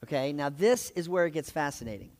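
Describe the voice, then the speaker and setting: A man with a slightly higher voice delivers a sermon in a big hall, and his words trail off into a long reverb. He tells the stories casually and lively, full of asides and self-corrections, as a preacher talking to his congregation. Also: brisk. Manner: lively storyteller, conversational with frequent asides. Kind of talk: sermon retelling gospel stories.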